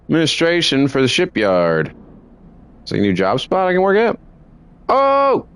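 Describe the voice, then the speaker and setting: A young man giving casual, excitable let's play commentary, swearing freely as he plays. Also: medium pitch, a little fast, smooth. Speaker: gamer.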